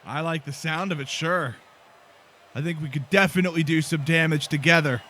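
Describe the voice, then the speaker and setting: A man putting on a mock Irish accent to voice a brash male wrestler pitching a partnership, leaning on the word "fella.". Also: a little fast, bright, forceful tone, slight background noise. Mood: persuading. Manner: persuasive, repeating "fella".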